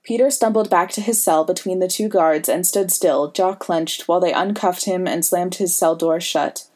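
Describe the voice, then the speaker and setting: A woman's voice: on the low side, moderate pace. Woman reading a story aloud. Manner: steady storytelling. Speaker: narrator. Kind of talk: fan fiction audiobook reading.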